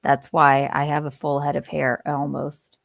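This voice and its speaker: A young woman hosts a loose live stream, reading headlines aloud and breaking into giggles and the odd curse. Her voice sits fairly low, and the sound is dry and close with no room around it. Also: completely flat delivery, unhurried, vocal fry, no room sound. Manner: giggly, profane, chatty. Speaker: host.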